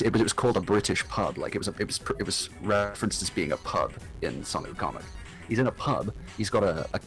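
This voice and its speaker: A man chatting casually as a livestream guest with a sore throat, rambling with lots of fillers and swearing. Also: on the low side. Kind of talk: casual chat. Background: faint game music.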